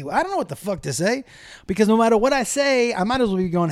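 Man with a fairly high voice, raunchy casual storyteller, no room sound. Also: fast talker, no echo, studio quality. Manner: profane, animated, acts out quotes. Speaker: comedian storyteller.

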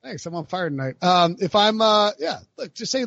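A man co-hosting a sports podcast in casual banter, jokey and animated. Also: high-pitched, normal speed, vocal fry, no room sound. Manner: jokey, animated, slips into silly voices. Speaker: podcast co-host. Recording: dull, lo-fi, dry studio sound.

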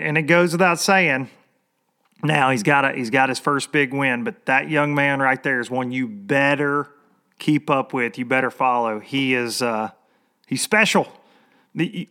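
A man's voice: medium pitch, fairly bright tone. A middle-aged man from Tennessee hosting a casual podcast interview, talking in a folksy, easygoing way and laughing often. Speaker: podcast host.

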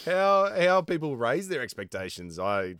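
A man's voice: fairly high pitch, a little slow, smooth, no room sound, clean studio sound. A man co-hosting a podcast, joking cheekily and reading listener messages. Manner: cheeky, swears casually, lively delivery. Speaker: podcast co-host. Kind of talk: casual podcast banter.

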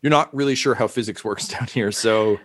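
A man's voice: on the low side, brisk, a bit bright, no echo, studio quality. A man running a tabletop game as game master, narrating hesitantly with many fillers.

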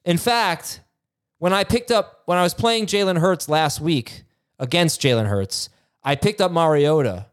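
A man hosting a fantasy football podcast, chatting casually with halting restarts and reading listener emails aloud. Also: on the high side, expressive, clear, resonant tone. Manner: halting, many restarts, reads questions aloud. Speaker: podcast host.

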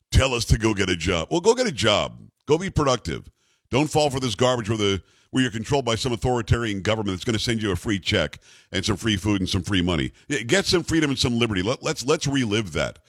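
A man's voice: lowish voice, animated, fast, dry recording. A man hosting a talk radio show, delivering a sarcastic, emphatic political monologue into a studio microphone.

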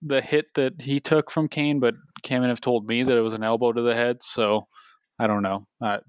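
A man's voice: medium pitch, fairly even intonation, moderate pace, clear, resonant tone, no room sound. A man co-hosting a podcast, thinking aloud in a loose, casual way about a game. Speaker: podcast co-host. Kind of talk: casual sports analysis chat.

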